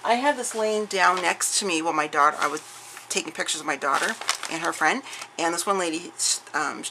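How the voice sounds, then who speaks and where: Chatty woman with a scratchy, creaky voice. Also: lowish voice, brisk. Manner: rambling and chatty, with many fillers and restarts. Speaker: craft vlogger showing a haul. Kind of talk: casual haul chat to camera.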